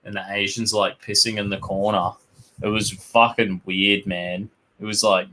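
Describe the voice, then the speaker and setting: Australian co-host, crude storyteller, lots of swearing, sharp bright tone, casual banter. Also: male voice, fairly low pitch, level tone, normal speed. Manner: crude, swears constantly, tells rowdy anecdotes. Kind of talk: casual chat.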